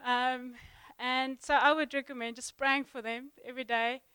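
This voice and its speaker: Chatty woman preaching, bright and crisp. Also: high voice, flat delivery, no room sound. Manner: chatty, halting with many ums and restarts. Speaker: guest preacher. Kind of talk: sermon opening, casual warm address. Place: church.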